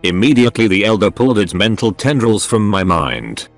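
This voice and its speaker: Brief: computer-voiced male narrator, low pitch, lively contour, steady storybook reading. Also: brisk, no echo, faint music behind.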